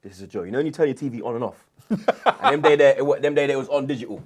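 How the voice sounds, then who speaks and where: A man, chatting casually as a football pundit and telling stories in a lively, slangy way. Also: medium pitch, racing. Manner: animated storyteller, slangy. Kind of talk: casual chat.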